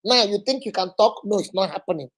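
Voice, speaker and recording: A middle-aged Nigerian woman hosting a relationship advice talk, telling stories with lively, acted-out quotes. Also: mid-range voice, quick pace, husky. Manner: lively storytelling, acts out quoted voices, frequent laughter. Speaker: host answering relationship questions. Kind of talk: animated casual advice talk.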